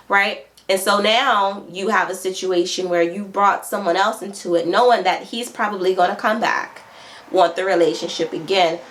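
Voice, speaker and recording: A woman's voice: steady tone, normal speed, a bit bright, slight background noise, low-quality recording. A woman coach speaking directly to viewers, who repeats her phrases and asks "right?" as she explains. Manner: acts out quoted voices with raised pitch. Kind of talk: instructional talk to viewers.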